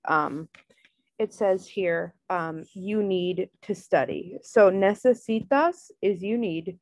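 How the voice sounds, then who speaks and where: A woman tutoring Spanish in a casual online lesson, loose and relaxed, full of "um" and "like". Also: lowish voice, gravelly, no room sound. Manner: relaxed, filler-heavy, many "um" and "like".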